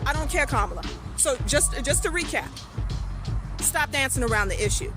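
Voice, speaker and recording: A woman with a high voice scolds and lectures as if speaking straight to her target, circling back to the same points again and again. Clear music plays behind her. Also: lively intonation, moderate pace. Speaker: political commentator. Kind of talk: direct-address rant.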